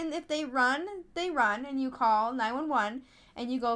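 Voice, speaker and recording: A woman telling stories in a casual podcast interview, chatty and animated, with frequent fillers and restarts. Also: moderate pace. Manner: animated storytelling, acts out others in high voices. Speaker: podcast host, app founder being interviewed.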